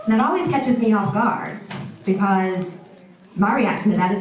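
Woman, doctor, earnest speech, halting, far from the mic. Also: medium pitch, a little hiss or hum. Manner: earnest, self-deprecating, halting. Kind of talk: public speech at an event. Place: large indoor event room. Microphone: far camera. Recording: echoey room from far off.

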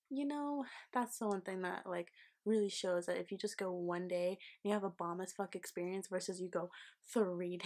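Chatty young woman telling a vlog story. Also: medium pitch. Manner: chatty, swears, full of fillers and laughs. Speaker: vlogger.

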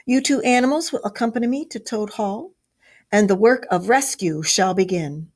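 A woman voicing a stern, commanding old male badger, grave and deliberate. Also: medium pitch, natural voice.

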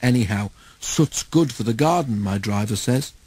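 A man's voice: mid-range voice, expressive, moderate pace, a little mellow, husky. A man voicing a good-natured, encouraging male engine in a storybook reading.

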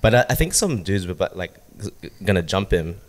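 Low-voiced relaxed man co-host. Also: fairly quick, long reverb tail. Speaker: podcast co-host. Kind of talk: casual chat.

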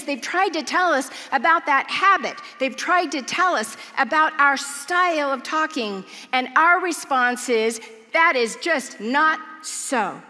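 Woman, sermon, humorous storyteller, crisp bright tone, reverberant hall. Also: sits high. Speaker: church speaker. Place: large church auditorium. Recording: long hall reverb from a church.

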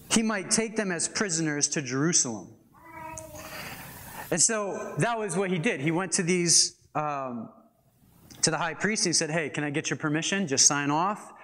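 Man, young adult, pastor, casual sermon, slightly high voice, animated asides. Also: slight background noise.

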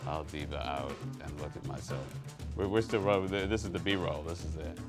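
A man hosting a comedy show, introducing it with relaxed, self-mocking banter. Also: extremely low pitch, fairly quick. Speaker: show host. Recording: music bed behind the voice.

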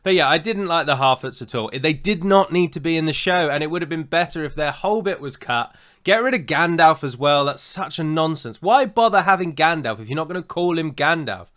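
A man's voice: fairly high pitch, animated, a little fast, few pauses, a bit bright. A man with a southern English accent, chatting casually as co-host and giving opinionated reviews with frequent fillers. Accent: southern English standard. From England. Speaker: podcast co-host.

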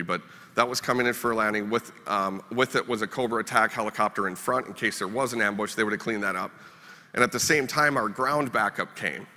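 A man's voice: fairly low pitch, bright, forceful tone. A man from Minnesota giving a storytelling keynote speech with wry, self-deprecating humor. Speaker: keynote speaker. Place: conference hall. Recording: reverberant conference hall.

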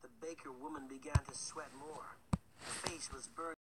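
A man narrating a dark fairy tale audiobook in a wry, conspiratorial manner, addressing the listener. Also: a little high, fairly even intonation, moderate pace. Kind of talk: scripted storybook narration. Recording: loud background noise with clicks.

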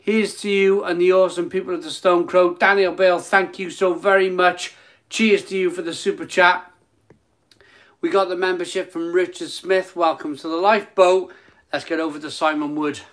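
This man hosts a casual live stream from his phone, hyping things up excitedly before turning soft and emotional. His voice sits high and his pace is moderate, and he repeats phrases and stumbles over words.

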